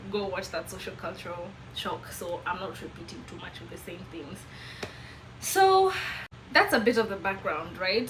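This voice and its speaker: A young Kenyan woman with a Kenyan English accent, telling a chatty, animated, self-mocking story to camera. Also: medium pitch, a little hiss or hum, rough recording. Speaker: vlogger.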